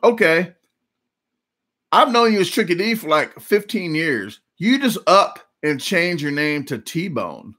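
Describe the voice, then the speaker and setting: A man in his forties with a Southern US accent rambles through jokey stories on a casual livestream. His voice sits a little high and sounds bright and forceful. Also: sing-song, a little slow. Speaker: livestream host. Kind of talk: casual live chat.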